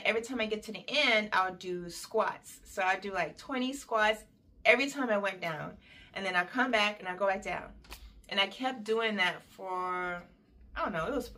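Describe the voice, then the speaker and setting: A young adult woman casually telling a personal story, chatty and animated, acting out what people said. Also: medium pitch. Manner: chatty, animated, acts out quotes. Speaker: storyteller vlogger.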